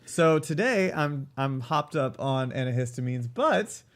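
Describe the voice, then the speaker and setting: A man's voice: mid-range voice, expressive, a little slow. A man co-hosting a casual chat, talking through a cold with a stuffy, nasal voice and a joking, rambling manner. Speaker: podcast co-host.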